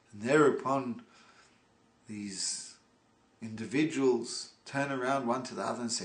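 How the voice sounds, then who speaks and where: A male rabbi giving a sermon, slow and emphatic with dramatic pauses. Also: mid-range voice, reverberant.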